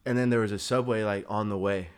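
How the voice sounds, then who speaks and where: A man's voice: lowish voice, steady tone, fast, clear, resonant tone. A young man talking as a podcast guest in casual chat, laid-back and rambling, laughing often.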